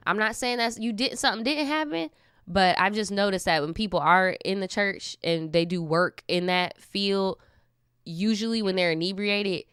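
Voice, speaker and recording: A woman's voice: medium pitch, fairly bright tone, clear, resonant tone, dry recording, studio quality. A young adult woman hosting a casual storytime, reacting with slangy, candid commentary and laughing asides. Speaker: storytime host.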